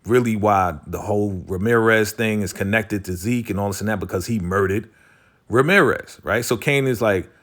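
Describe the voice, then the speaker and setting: A man with a fairly low voice retells a TV drama episode in a loose, chatty way. He is slangy and animated, acting out what the characters say. His speech is full of "you know" and "like". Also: normal speed. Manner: animated, slangy storytelling, acts out quoted lines; frequent "you know" and "like" fillers. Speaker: TV episode recap host. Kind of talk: casual TV recap commentary.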